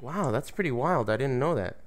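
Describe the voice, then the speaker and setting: A man's voice: medium pitch, expressive, brisk. A man hosting a casual gaming talk show, loose and joking, who swears freely. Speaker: podcast host. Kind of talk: casual chat.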